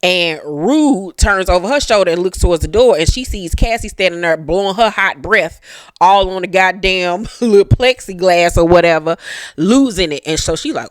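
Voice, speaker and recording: A profane, animated recap host retells a TV episode, popping into exaggerated character voices along the way. The delivery is loose and comedic, with speech. The sound is dry and close to the mic. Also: mid-range voice, moderate pace, no echo.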